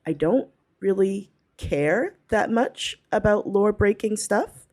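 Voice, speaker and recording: A woman's voice: mid-range voice, expressive, slow pace, a little mellow. A woman co-hosting a podcast in casual chat, who laughs a lot and restarts her sentences. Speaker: podcast co-host.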